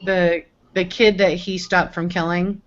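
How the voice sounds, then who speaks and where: A woman moderating a convention panel in a relaxed, hesitant way. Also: lowish voice, unhurried, dull audio. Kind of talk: casual panel chat.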